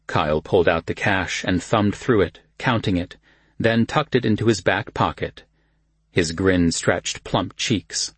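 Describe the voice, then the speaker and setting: A man narrating an audiobook in a calm, even storytelling manner. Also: lowish voice, a little slow, slightly rough, dry recording.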